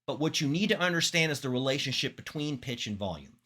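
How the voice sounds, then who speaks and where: A man teaching public speaking in an instructional talk, demonstrating vocal techniques with expressive examples. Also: medium pitch, quick pace, hardly any pauses. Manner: demonstrates voices, animated and expressive.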